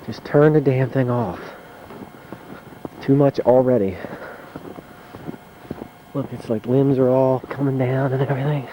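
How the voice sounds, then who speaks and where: A man's voice: medium pitch, fairly even intonation, measured pace, long pauses, phone-quality sound, a little hiss or hum. Chatty man narrating a home video. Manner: chatty, wry, mildly profane. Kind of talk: casual narration while filming. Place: outdoors in deep snow in the mountains. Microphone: handheld camcorder.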